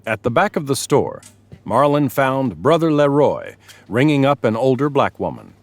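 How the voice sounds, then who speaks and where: A man reading scripted narration for a story with expressive delivery. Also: mid-range voice, moderate pace, dry recording.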